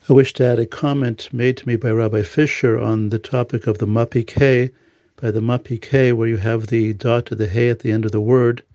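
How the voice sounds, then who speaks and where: A man giving an informal spoken lesson on prayer pronunciation, halting often with fillers and restarts and repeating key words to stress them. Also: mid-range voice, warm tone, lo-fi sound. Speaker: teacher of prayer Hebrew pronunciation.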